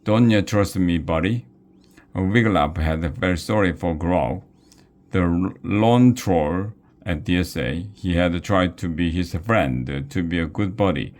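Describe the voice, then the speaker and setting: A man reads a children's chapter book aloud in a very low voice. He takes his time, now and then tripping over a word and starting it again. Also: darkish tone. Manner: slow, with small slips and restarts. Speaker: storybook reader.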